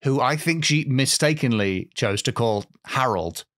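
A man's voice: medium pitch, lively intonation, a little slow, fairly bright tone, dry recording, studio quality. A man co-hosting a podcast with wry, teasing banter. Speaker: podcast co-host. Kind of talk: casual comedic chat.

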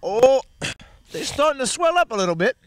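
A man's voice: very high voice, very animated, fast, fairly bright tone, no room sound. A man co-hosting a jokey science gag video outdoors at night, playing an exclaiming, playful interviewer in mock-cooking-show banter.

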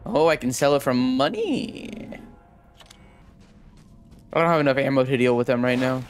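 A young man streaming a horror video game, reacting with excitable, profane trash-talk into a desk mic at home. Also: mid-range voice, normal speed. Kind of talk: let's play commentary.

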